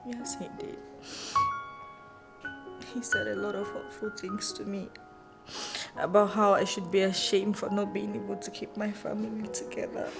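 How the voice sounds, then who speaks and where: An actress with a Nigerian accent playing an estranged wife who answers firmly but sounds weary. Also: female voice, mid-range voice, little pitch movement, moderate pace, gravelly, long pauses, over loud music, natural voice. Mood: hurt. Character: hurt, stubborn young wife.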